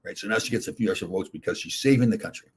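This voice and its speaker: A middle-aged Canadian man hosts a casual livestream, rambling along and reading viewer comments out loud as he answers chat. His voice sits on the low side and comes out rapid-fire, with a little background noise behind it.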